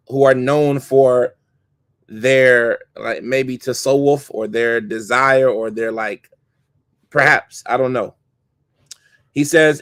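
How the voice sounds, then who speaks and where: A man's voice: medium pitch, fairly even intonation, a bit bright, no room sound, studio quality. Man teaching a hadith lesson. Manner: explains terms, thinks aloud, reads Arabic passages quickly. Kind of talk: classroom lesson on hadith scholars. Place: mosque classroom.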